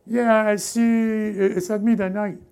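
A man delivers a sermon with a gravelly, mellow tone. His preaching is fervent and repetitive, built on call-and-response. He swings from loud urging to hushed asides. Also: high voice, flat delivery, measured pace.

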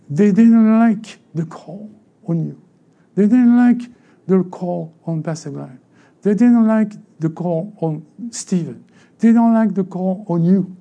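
A man with a French accent preaching a sermon as a pastor, animated and acting out other people's voices. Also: high-pitched. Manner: animated, acts out voices of church members.

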